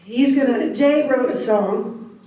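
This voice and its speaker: A woman, giving a heartfelt personal testimony to a church group, speaking haltingly with restarts. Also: fairly high pitch, warm tone. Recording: echoey hall, heard from a distance.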